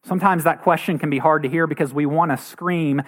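A man's voice: fairly even intonation, a little fast, a bit bright. A man preaching a sermon as pastor, earnest, acting out quoted voices now and then. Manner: earnest, acts out quoted voices with rising pitch.

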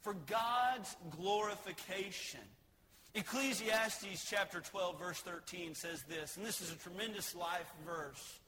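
A man's voice: high voice, slow, bright, forceful tone, slight background noise, poor audio. A man preaching a sermon in a folksy way, joking and asking the congregation questions. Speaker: pastor.

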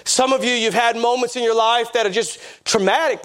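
A pastor preaching a sermon with emphatic, repetitive phrasing. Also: male voice, extremely high pitch, steady tone, fairly quick, a bit bright, clean tone.

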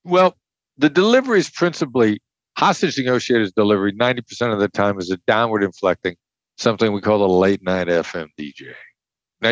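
Man, older, from the Midwest, low voice, emphatic, blunt, dry dull recording. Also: no room sound. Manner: emphatic, blunt, repeats key points. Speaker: interview guest, former hostage negotiator. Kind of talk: conversational explanation.

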